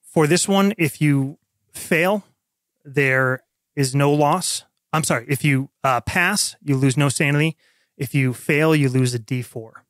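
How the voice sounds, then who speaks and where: A man's voice: on the high side, measured pace, a bit bright, dry recording, studio quality. A man running a tabletop role-playing game as game master, explaining the rules plainly.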